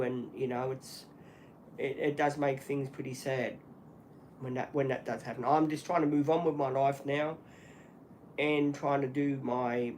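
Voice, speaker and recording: A man hosting a solo livestream, talking earnestly and apologetically in halting speech with many restarts and fillers. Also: mid-range voice, darkish tone, slight background noise. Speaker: channel host.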